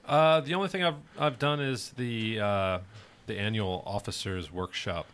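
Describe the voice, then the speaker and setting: A man speaking in a low-key, trailing manner in casual podcast chat. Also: normal speed, a bit bright, clean tone.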